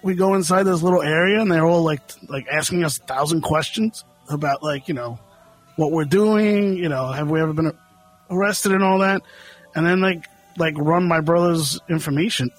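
A man's voice: a little high, moderate pace, soft background music, poor audio. A man co-hosting a show, telling a story in a rambling way full of fillers like "like". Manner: filler-heavy, rambling, lots of "like". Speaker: podcast co-host. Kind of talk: casual storytelling chat.

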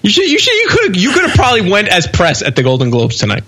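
A male radio co-host chatting and commenting in easy banter. His voice is high and moves around a lot, with a bright edge. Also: huge pitch swings, fast talker. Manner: chatty, running live commentary.

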